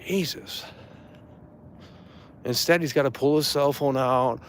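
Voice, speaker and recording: A man rants angrily and curses without holding back, his voice sitting at an ordinary middle pitch. He talks in a loose, casual way and drops into mocking impressions of the person he is complaining about. A faint hum of ambience sits behind him. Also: slow. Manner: angry, profane ranting. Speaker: streamer. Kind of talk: casual ranting monologue.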